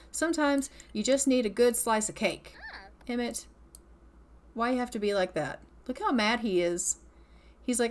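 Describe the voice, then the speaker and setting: Brief: woman, slightly higher voice, chatty let's-play commentator, affectionate. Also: normal speed. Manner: chatty, affectionate, laughs often. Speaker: gameplay commentator.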